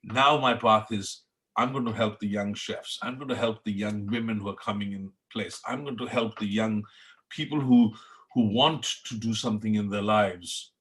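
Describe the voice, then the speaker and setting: A man's voice: lowish voice, steady tone, moderate pace, fairly bright tone. A middle-aged man from India with an Indian accent, telling his story as a guest in an interview, earnest and passionate. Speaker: chef, podcast guest. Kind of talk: reflective interview talk.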